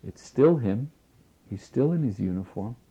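A man giving a spiritual lecture in a slow, deliberate way, repeating key phrases for weight. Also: mid-range voice, animated, dark tone. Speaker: spiritual teacher. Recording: tinny phone-like lo-fi recording.

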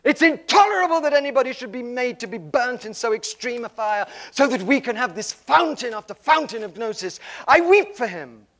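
A man voicing an anguished woman raging at God, howling and keening as he shouts her lines. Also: mid-range voice, brisk, close to an everyday voice.

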